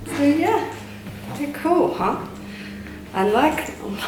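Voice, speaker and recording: A woman's voice: high-pitched, animated, slow pace, noisy background. A woman in her thirties with an Australian accent, chatting casually and rambling to camera in a vlog. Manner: chatty, rambling, giggly asides. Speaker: vlogger. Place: in a car, then at home.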